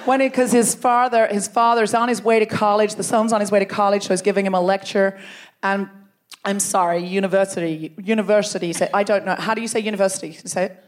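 A woman hosting a comedy podcast live on a theatre stage, teasing the audience in animated crowd work. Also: mid-range voice, fast talker. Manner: teasing, animated, laughing between jokes. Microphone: stage microphone.

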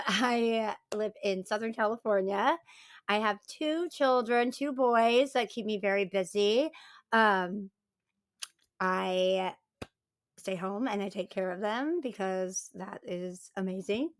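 A woman's voice: mid-range voice, no echo. Bubbly American woman co-host, dry sound. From United States. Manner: bubbly, uses "like" a lot. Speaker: podcast co-host. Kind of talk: casual chat.

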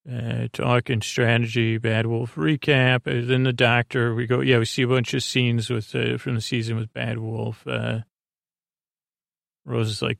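Gravelly, flat-voiced man rambling a recap. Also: medium pitch, no echo, clean studio sound. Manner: halting, with many "uh" fillers and restarts. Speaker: podcast host recapping an episode. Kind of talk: slow, rambling sleep podcast recap.

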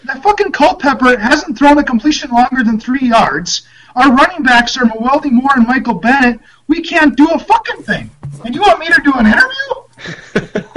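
A man impersonating a furious, profane older football coach, shouting and swearing as he retells a story. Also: very high voice, big pitch swings, normal speed, crowd noise, voice pushed up, poor audio. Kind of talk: comic impression inside a told story.

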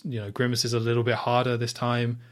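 A man's voice: mid-range voice, monotone, brisk. Chatty man recapping a film scene. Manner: chatty retelling with frequent fillers and quoted lines. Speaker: podcast host recapping a film. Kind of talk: casual chat.

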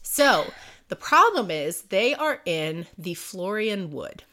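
A woman co-hosting a podcast who retells a book's plot in casual chat. She is animated, swears freely and laughs often. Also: medium pitch, slow. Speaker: podcast co-host. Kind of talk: casual book recap chat.

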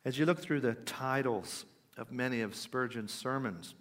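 Earnest man, mid-pitched voice. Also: moderate pace, a bit bright, in a large hall. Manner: earnest, reads old quotations aloud with rising emphasis; plain conversational asides between readings. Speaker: podcast speaker. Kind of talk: talk on faith and depression.

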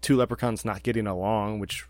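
A man's voice: lowish voice, steady tone, a little fast, darkish tone, dry recording. A man co-hosting a podcast, chatting casually, laughing often and acting out quotes. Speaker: podcast co-host. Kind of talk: casual chat.

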